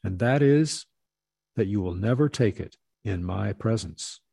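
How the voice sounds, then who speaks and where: A man voicing a calm, kindly spiritual master who speaks gently and in measured words. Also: lowish voice, creaky, breathy edge, no room sound, clean studio sound, heavily acted. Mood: firm. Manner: gentle, soft-spoken, measured.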